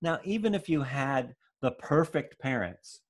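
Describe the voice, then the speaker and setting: A man giving a gentle, searching spiritual talk, with soft hesitations as he thinks. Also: mid-range voice, animated, a little slow. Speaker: spiritual teacher.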